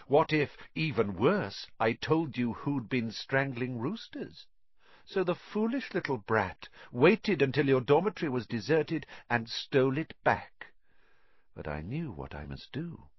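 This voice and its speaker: A man's voice: medium pitch, very animated, unhurried, slightly rough, dry recording, dull audio, pitched above the performer's own voice. A man reading an audiobook, voicing a scheming, sneering sixteen-year-old boy wizard who gloats in a silky, cold manner. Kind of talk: audiobook character voice.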